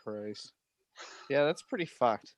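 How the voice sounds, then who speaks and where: A man of middle pitch throwing in short, wisecracking remarks. His voice is dry and close to the mic. His tone stays loose and conversational. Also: animated, no echo. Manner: wisecracking, quick joking asides. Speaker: podcast co-host. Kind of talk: casual chat.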